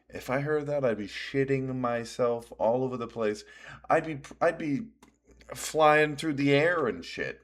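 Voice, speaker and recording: A man streaming a live reaction, excitable and blunt, swearing and laughing as he comments. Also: medium pitch.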